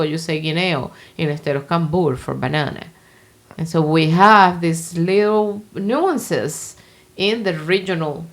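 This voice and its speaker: A woman from Venezuela, a Spanish professor whose first language is Spanish, speaking with a Venezuelan accent as a podcast guest and talking in an animated, expressive way. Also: lowish voice. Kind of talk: podcast conversation.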